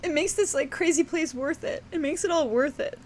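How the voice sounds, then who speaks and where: A woman's voice: high-pitched, a little fast, darkish tone, slight background noise. A young woman talking casually to her viewers, teary and laughing, rambling with many restarts. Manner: teary, fighting back tears, laughing often. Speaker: streamer. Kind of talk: casual emotional chat to viewers.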